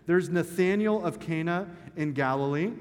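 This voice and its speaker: Pastor guy giving a sermon, chatty and jokey, kinda high pitched, big echoey church. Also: moderate pace. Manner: conversational, joking asides to the congregation. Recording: long hall reverb.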